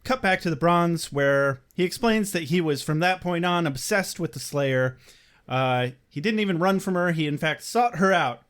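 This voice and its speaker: Higher-voiced man, swearing casual podcast host. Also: lively intonation, normal speed, a bit bright, clear, resonant tone. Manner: loose and profane, laughs often. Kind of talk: casual chat.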